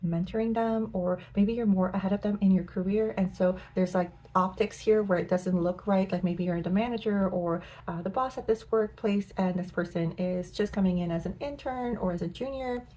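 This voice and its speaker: A young woman giving a pick-a-card tarot reading, gentle and affirming, with many filler words. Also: medium pitch, normal speed, hardly any pauses. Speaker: tarot reader.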